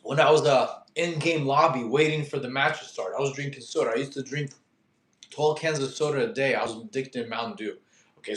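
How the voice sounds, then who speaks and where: A young man hosting a casual fitness livestream and answering viewer questions, animated and slangy, telling stories and calling listeners bro and dude. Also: mid-range voice, reverberant.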